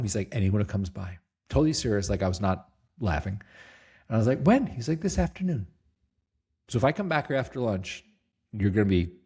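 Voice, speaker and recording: Husky, lower-pitched middle-aged male guest; chatty storyteller who acts out the voices of people in his anecdotes. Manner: lively storyteller, acts out quotes, laughs easily. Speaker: guest, company CEO. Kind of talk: casual storytelling interview.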